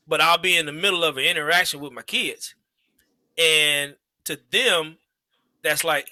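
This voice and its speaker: A man in his thirties, a father telling a story in a relaxed way during a casual podcast chat, with lots of fillers and restarts. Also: fairly high pitch, normal speed, dry recording.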